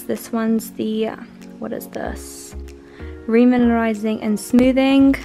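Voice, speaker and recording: A young woman rambles casually to camera, her voice a touch high and gravelly with vocal fry. She talks as a chatty vlogger getting ready at home, full of "like" and "yeah". Faint music plays behind her. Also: mellow. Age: young adult. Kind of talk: casual vlog chat.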